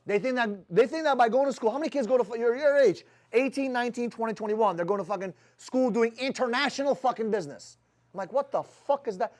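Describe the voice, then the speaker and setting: A high-pitched man talks at a rapid clip, coaching his sales team. He is blunt and swears constantly, throwing rhetorical questions at the people in front of him. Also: a little mellow. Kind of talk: motivational talk to his team.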